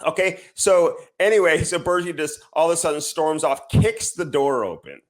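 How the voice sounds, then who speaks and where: A man's voice: fairly high pitch, normal speed. A man co-hosting a podcast, telling a long story in casual chat, rambling and profane with plenty of fillers. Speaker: podcast co-host and TV hockey reporter.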